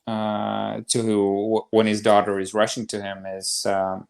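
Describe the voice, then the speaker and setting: A man's voice: on the low side, completely flat delivery, unhurried, vocal fry, darkish tone. A man co-hosting a podcast, chatting casually about movies, rambling and restarting sentences as he retells scenes. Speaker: podcast co-host. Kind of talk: casual film-discussion chat.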